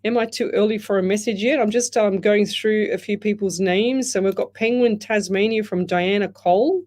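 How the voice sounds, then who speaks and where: A woman's voice: mid-range voice, moderate pace, darkish tone. A woman hosting a live radio show as a psychic medium, chatting in a rambling way and greeting listeners by name over a headset mic. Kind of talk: live radio chat, reading out listener comments. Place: radio studio.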